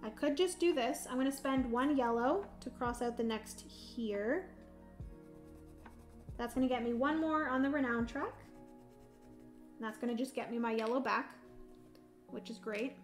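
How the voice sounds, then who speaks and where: A woman's voice: fairly high pitch, unhurried, pauses often. A young adult woman hosting a board game livestream, chatting casually, reading viewer comments aloud and explaining rules with frequent ums. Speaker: livestream host playing a solo board game. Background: faint background music.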